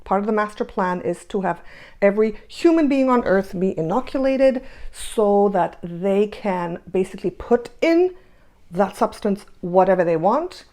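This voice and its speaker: A woman's voice: mid-range voice, darkish tone. Woman giving an emphatic spiritual monologue. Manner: emphatic, repeats phrases, frequent rhetorical questions. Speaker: spiritual channel host. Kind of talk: spiritual energy-update monologue.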